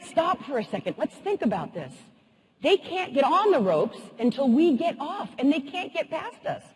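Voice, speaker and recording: A woman voicing her calm male team captain as he steadies his teammates. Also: high-pitched, moderate pace, long reverb tail, voice pushed up, poor audio. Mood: reassuring. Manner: calm, reassuring.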